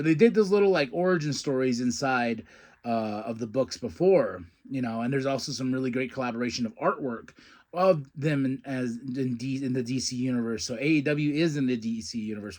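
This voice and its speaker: A man hosting a podcast, recapping a wrestling show in a casual, excitable, rambling way and laughing often. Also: mid-range voice. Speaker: podcast host.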